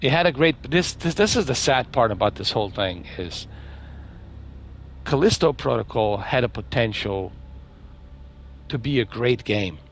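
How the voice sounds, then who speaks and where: A man's voice: mid-range voice, lively intonation, moderate pace, gravelly, long pauses, slight background noise. A man hosting a gaming video, rambling through a casual spoken review with many fillers and repeated words, dejected and mumbling.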